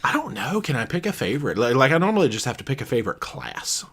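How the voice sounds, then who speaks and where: Male co-host, casual chatter, faint Southern American accent, animated delivery. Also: mid-range voice, fast, husky. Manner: chatty, reads viewer comments aloud. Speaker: livestream co-host. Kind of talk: casual chat.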